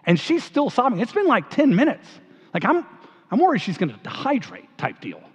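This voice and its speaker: A middle-aged man, a pastor, giving a memorial eulogy in a relaxed, humorous storytelling way. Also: very high-pitched, a little fast, breathy edge. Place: church hall. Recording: dull sound with long church reverb.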